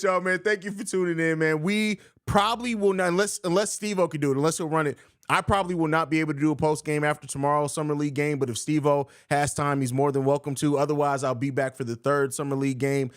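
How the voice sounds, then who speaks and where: Casting: relaxed man hosting a sports podcast, slightly high voice, says "bro" a lot. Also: smooth. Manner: laid-back, says "bro" constantly, laughs often. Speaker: podcast host. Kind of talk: casual sports podcast chat.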